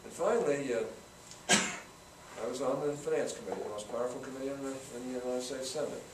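A man's voice: medium pitch, brisk. An older man telling a long political anecdote to a student audience in a folksy, storytelling manner. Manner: folksy anecdotal, acts out quotes. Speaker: guest speaker, senator. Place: campus event room. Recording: roomy, from far off, noisy.

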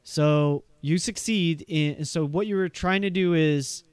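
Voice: mid-range voice, unhurried, darkish tone, smooth, no echo. A game master running a tabletop game, narrating with many hesitations and fillers.

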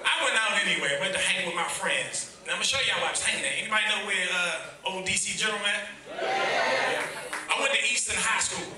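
A man's voice: high-pitched, fast. A man in his forties from Washington, D.C., performing a stand-up comedy set at a gala and acting out characters in exaggerated voices. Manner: animated, acts out characters in exaggerated voices, talks to the crowd. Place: large event hall with a live audience. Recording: echoey hall, distant mic, loud crowd laughter and noise. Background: audience laughter.

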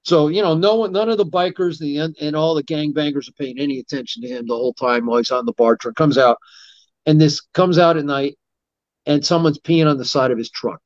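A middle-aged man with a slightly raised pitch, spinning loose, animated stories as a guest instructor and slipping into the voices of the people in them. The sound is dull and lo-fi, close and dry with no room around it. His talk wanders from one tale to the next. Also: fairly quick, dry recording. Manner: rambling, animated anecdotes with acted-out quotes. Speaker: martial arts instructor guest. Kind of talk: casual storytelling interview.

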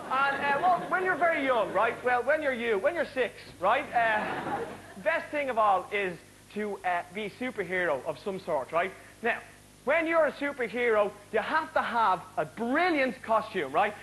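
High-pitched excitable man doing stand-up. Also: a little slow. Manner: loud, excitable, voices quoted people. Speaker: stand-up comedian. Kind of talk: stand-up comedy on a TV show. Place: TV studio with a live audience. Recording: live studio audience, noisy broadcast recording.

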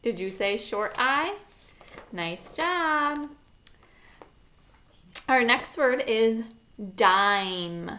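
Slow, deliberate kindergarten teacher. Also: female voice, a little high, expressive, bright, forceful tone. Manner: slow, sound-by-sound enunciation with encouraging praise. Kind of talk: phonics lesson for young children.

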